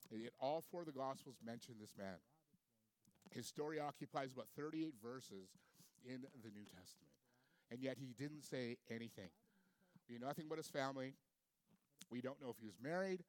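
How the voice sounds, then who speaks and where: A man's voice: medium pitch, moderate pace, long pauses, no echo. A man preaching a sermon, reading scripture aloud and then reflecting on it with questions for his listeners. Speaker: pastor.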